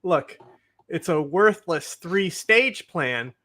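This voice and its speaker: Host type, man, bright clear voice, casual blunt news commentary, slightly high. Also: lively intonation, slow pace. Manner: opinionated, blunt, rambling. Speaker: livestream host.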